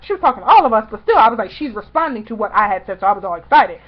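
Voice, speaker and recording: A woman vlogger telling a story to her viewers in a chatty, excitable, slangy way. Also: fairly high pitch, rapid-fire, highs cut off.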